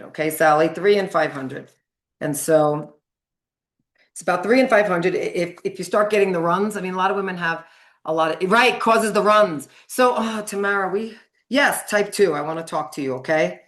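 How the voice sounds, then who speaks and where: A low-voiced middle-aged woman coaches people on sugar addiction during a live online training, chatty and frank, swearing casually and laughing often.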